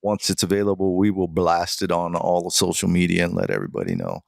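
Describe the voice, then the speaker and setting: A man with a low voice co-hosts a fight podcast. He talks casually, cursing and joking. The sound is dry and close to the mic. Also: quick pace, gravelly, dry recording. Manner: swearing, joking banter. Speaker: podcast co-host. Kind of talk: casual chat.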